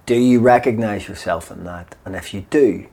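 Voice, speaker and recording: A man hosting a podcast interview, asking questions with relaxed, dry asides. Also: fairly low pitch, normal speed, creaky, slightly rough. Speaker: podcast host. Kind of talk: conversational interview.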